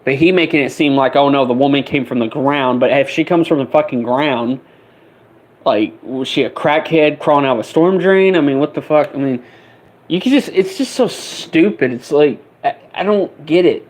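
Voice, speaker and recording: A man's voice: fairly high pitch, lively intonation, moderate pace, rough recording. Man ranting on a live stream. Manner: profane, exasperated, repeats and restarts himself. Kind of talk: casual ranting monologue.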